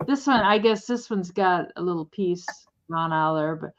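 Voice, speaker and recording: A woman's voice: lowish voice, normal speed, lo-fi sound, a little hiss or hum. A woman co-hosting a live online sale, friendly and rambling as she shows items. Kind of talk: casual selling chat.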